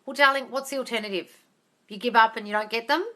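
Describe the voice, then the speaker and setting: A woman hosting a live question-and-answer stream as a manifestation coach, blunt and brisk, swearing freely and sounding exasperated. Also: on the high side, pushed and bright.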